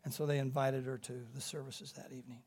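A man preaching a sermon with animated storytelling, swinging between loud emphasis and hushed tones. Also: medium pitch, quick pace.

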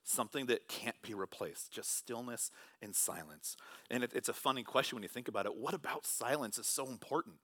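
A man preaching a sermon in church, shifting between loud, animated bursts and hushed, quiet passages. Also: mid-range voice, brisk, dry recording. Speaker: pastor.

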